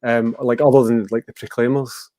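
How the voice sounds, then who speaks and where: A man's voice: medium pitch, level tone, moderate pace, dark tone, dry recording. A man with a West of Scotland accent, a musician guest talking casually in a rambling, hesitant way with many fillers. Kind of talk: casual interview chat.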